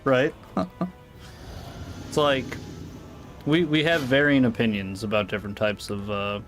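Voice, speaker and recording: A man's voice: mid-range voice, flat delivery, a little slow, soft background music. Rambling American man streaming a game. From United States. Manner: rambling, reacting to chat with asides. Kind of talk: casual live-stream chat while gaming.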